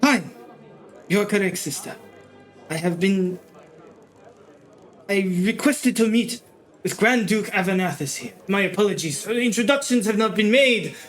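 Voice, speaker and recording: A man's voice: sits high, lively intonation, a little slow, pauses often, fairly bright tone, faint music behind. A man voicing an anxious, fussy young nobleman scolding his sister, stammering. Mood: apologetic. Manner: flustered, stammering.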